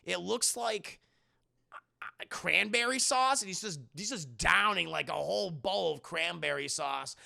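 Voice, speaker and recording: A young man rambles through a casual spoken film review for his live chat, swearing and sometimes mocking the film's lines in put-on voices. His voice is high-pitched, unhurried, and bright and forceful, with vocal fry.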